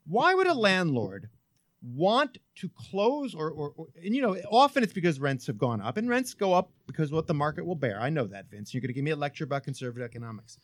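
A man hosting a casual talk radio show, an animated, swearing, rambling storyteller on a close studio mic. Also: a little high, a little fast, dry recording.

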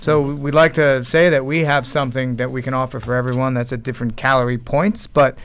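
A man speaks as a restaurant executive guest on a radio show. He answers in a measured, businesslike way and restarts now and then. His voice is smooth and resonant. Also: mid-range voice, steady tone, a bit bright. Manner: measured, businesslike, a bit halting.

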